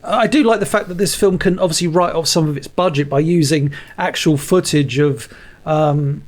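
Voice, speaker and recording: A man co-hosting a film podcast, talking in an animated way and acting out quotes. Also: fairly high pitch, moderate pace. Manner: animated, tells anecdotes with put-on quotes. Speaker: podcast co-host. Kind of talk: casual film chat.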